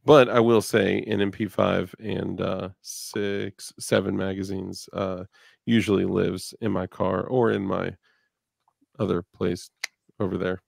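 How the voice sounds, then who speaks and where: A man's voice: sits low, level tone, a little slow, gravelly, darkish tone, no echo, studio quality. A male podcast host in casual chat, rambling and joking about himself. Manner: rambling, self-deprecating, joking.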